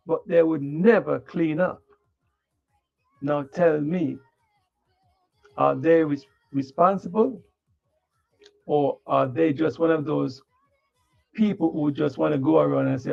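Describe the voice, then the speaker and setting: A man whose voice is fairly high, gravelly, and a little mellow rants in a livestream monologue. He swears openly and sermonizes, and the stream sounds dull and lo-fi with faint background music.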